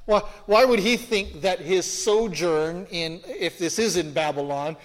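A man's voice: high voice, unhurried. Man teaching scripture in a reverberant hall. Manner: conversational, explaining verses and asking questions. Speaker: Bible teacher. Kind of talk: expository Bible teaching.

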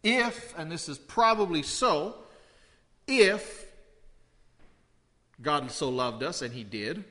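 Man, sermon, bright forceful tone, long hall echo, repeats phrases. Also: fairly high pitch, lively intonation. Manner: deliberate, repeats key phrases for emphasis. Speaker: preacher. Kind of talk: expository sermon.

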